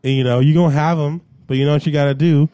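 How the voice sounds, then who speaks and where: A tipsy man co-hosting a podcast, joking around in loose, profane, animated chat. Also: fairly high pitch, very fast, no room sound. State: tipsy from drinking. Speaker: podcast co-host. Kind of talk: casual chat.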